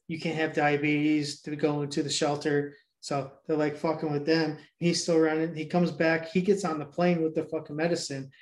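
Brief: young male podcast host, fairly high voice, loose and profane, rambles through a movie plot. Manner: rambling, heavy swearing, laughs while telling. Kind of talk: casual chat, retelling a movie plot.

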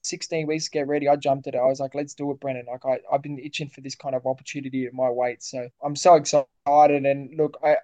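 A man's voice: medium pitch, fast, few pauses. An Australian man, a boxer, talking casually and confidently in an interview, calling his host mate. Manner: relaxed, matey, confident.

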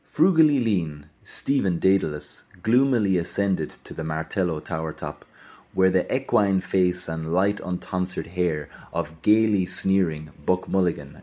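Deep-voiced man reading a dramatic tale. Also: dark tone. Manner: measured, dramatic, solemn. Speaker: reader. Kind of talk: literary narration, epic-poem reading.

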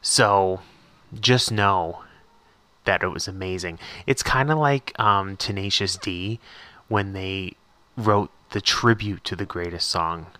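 A man introducing a podcast rerun episode, speaking haltingly with many fillers. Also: deep voice, bright, forceful tone, dry recording. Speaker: podcast co-host.

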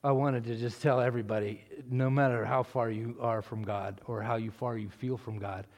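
A middle-aged pastor tells his story with many restarts and stumbles. At times he rises into loud, passionate preaching. His voice carries the long reverb of a church hall. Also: medium pitch, steady tone, moderate pace, gravelly. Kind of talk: testimony answering a question, church talk.

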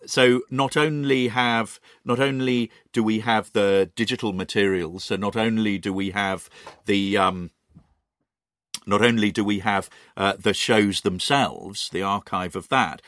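A man's voice: lowish voice, fairly bright tone, dry recording, studio quality. A British man co-hosting a casual chat, telling stories with many ums and restarts. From Britain. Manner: hesitant, lots of ums and restarts. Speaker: podcast co-host.

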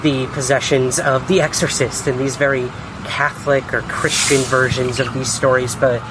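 A man's voice: mid-range voice, moderate pace. Male host asking questions over noise. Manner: relaxed questioning with fillers. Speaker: podcast host. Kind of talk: interview conversation.

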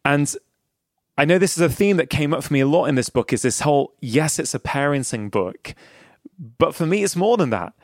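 A man's voice: on the high side, expressive, brisk, no room sound, clean studio sound. A man who hosts an interview and works as a family doctor, talking in a reflective, thoughtful way. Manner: thoughtful, reflective, with some restarts. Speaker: host, general practitioner. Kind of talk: conversational podcast interview.

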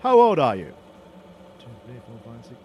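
A man's voice: mid-range voice, wildly swooping pitch, normal speed, a little mellow, a little hiss or hum. A man playing a prim, put-upon man who mutters to himself and turns sarcastic, in a comedy audio drama. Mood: fussy.

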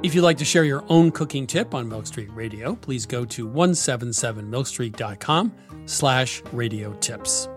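A man hosting a cooking radio show, chatting with guests, curious and quick to laugh. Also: medium pitch, lively intonation, over music. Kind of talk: radio interview chat.

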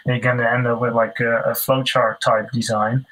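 A man's voice: mid-range voice, little pitch movement, a little fast, a bit bright, rough recording. A man in a casual podcast discussion, explaining at length with many fillers and restarts. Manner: loose, filler-heavy explaining.

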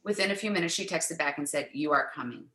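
A middle-aged woman, a guest in an interview, telling a personal faith story in an animated way and acting out the quoted dialogue. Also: deep voice, fast, reverberant, poor audio.

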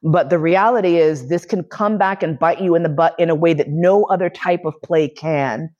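A woman's voice: fairly low pitch, normal speed, few pauses, darkish tone, muffled recording. A woman from New York City hosting a podcast lecture, telling a story in casual, profane talk and laughing often. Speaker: podcast host giving a lecture.

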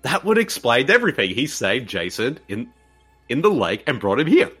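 A man's voice: medium pitch, very animated, normal speed, a bit bright, slightly rough, soft background music. Jokey man riffing on a movie. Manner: laughs often, jokey. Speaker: co-host riffing on a horror movie. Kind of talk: casual comedic movie commentary.

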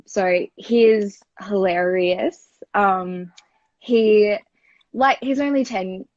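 A woman's voice: fairly low pitch, darkish tone, no echo. A young woman with an Australian accent telling a personal story, rambling and full of fillers. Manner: rambling, filler-heavy and chatty. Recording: dull, lo-fi dry home recording.

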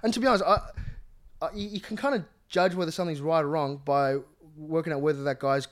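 A young man who works as a stand-up comedian, speaking as a guest in a relaxed interview. He talks very fast and with lots of energy, often restarting sentences and piling on fillers. His voice sits a little high for a man. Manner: fast, animated, many restarts and "like"s. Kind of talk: casual conversational interview.

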